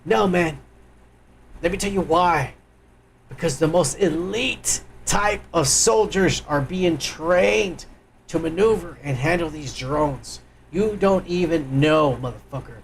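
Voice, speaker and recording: A man's voice: fairly high pitch, slow pace, slight background noise. A man hosting a livestream, reacting to clips in crude, mocking, profane commentary aimed straight at his viewers. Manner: crude, loud, mocking, addresses viewers directly. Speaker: livestream host.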